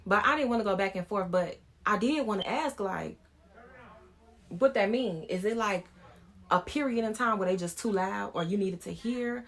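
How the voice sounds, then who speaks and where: A woman vlogger in her thirties tells a story from her own life, frank and informal, working her thoughts out as she speaks. Her voice has a gravelly, fry-tinged edge and sits at an ordinary middle pitch. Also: normal speed. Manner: frank and informal, talking things through. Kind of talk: candid personal storytelling.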